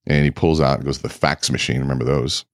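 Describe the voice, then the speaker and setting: A man guest in a casual interview, telling lively anecdotes full of quoted dialogue. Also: extremely low pitch, fast, no room sound, studio quality. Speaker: keynote speaker and guest.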